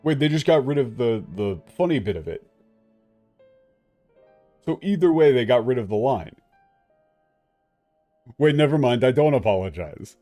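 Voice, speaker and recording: A man giving casual, animated commentary on a game stream, who laughs often while comparing two translations of a scene. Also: mid-range voice, normal speed, pauses often, faint music behind.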